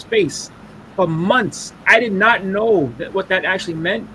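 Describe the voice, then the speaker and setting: A man's voice: high voice, moderate pace, pushed and bright, low-quality recording. A man in his thirties and father of a young daughter, co-hosting a casual podcast chat and telling rambling stories full of restarts and acted-out quotes. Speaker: podcast co-host. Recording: faint background noise.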